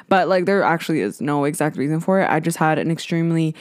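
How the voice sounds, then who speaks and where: A woman's voice: low-pitched, quick pace, few pauses, no room sound, studio quality. A young woman hosting a casual podcast from her closet, chatty and self-mocking, swearing freely and saying "like" a lot. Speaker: podcast host. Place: small clothes closet. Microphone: podcast microphone.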